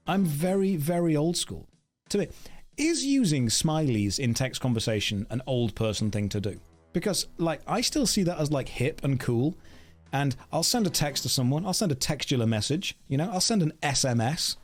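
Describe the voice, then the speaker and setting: Joking male streamer, lively voice. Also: fairly high pitch, normal speed, soft background music. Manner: joking, mock-serious. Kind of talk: casual game stream commentary.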